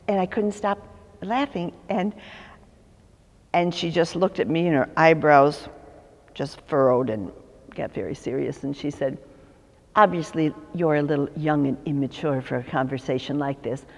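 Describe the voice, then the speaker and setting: A woman in her sixties from Chicago tells her stories with a low, deep voice. She slips into the voices of the people she quotes and laughs often. The recording carries a long, hall-like reverb. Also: a little slow, long pauses, a little mellow. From Chicago, USA. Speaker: religious sister interviewed for oral history. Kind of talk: storytelling in an interview.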